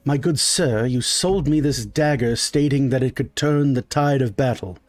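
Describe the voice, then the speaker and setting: A man's voice: medium pitch, normal speed, a little mellow, natural voice. A man voicing a haughty, rotund, well-dressed male customer who complains pompously in a tabletop game. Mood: huffy.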